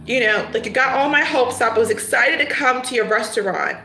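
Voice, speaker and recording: A woman doing a livestream tarot reading, telling it as an animated story full of acted-out scenes. Her voice is bright and sits fairly high. The room around her is noticeably echoey. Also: normal speed. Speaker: tarot reader.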